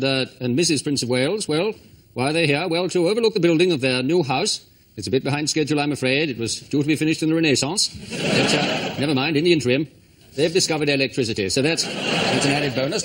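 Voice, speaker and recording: A male comedian doing a mocking voice-over on news footage, with quick character asides. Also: fairly high pitch, fairly bright tone, slight background noise.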